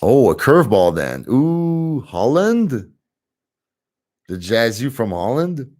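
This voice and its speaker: Slow-talking man. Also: medium pitch, sing-song, a little mellow. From Montreal, Canada. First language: French. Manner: chatty, answers viewer comments, laughs easily. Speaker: live-stream host. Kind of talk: casual live-stream chat.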